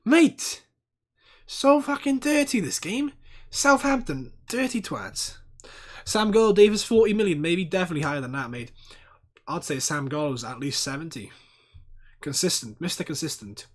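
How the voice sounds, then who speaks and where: A man doing sweary watchalong host, loose chat that flares into shouting at the ref. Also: fairly high pitch, moderate pace. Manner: excitable, swears a lot, erupts in loud outbursts at fouls; chats to viewers by name, reads chat aloud. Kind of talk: casual live match commentary.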